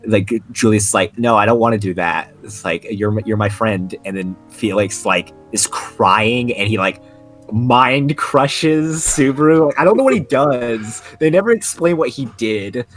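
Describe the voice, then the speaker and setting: A man's voice: mid-range voice, expressive, a little slow, a bit bright, soft background music. A young man co-hosting a casual podcast, rambling with many restarts and fillers. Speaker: podcast co-host. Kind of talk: casual anime podcast chat.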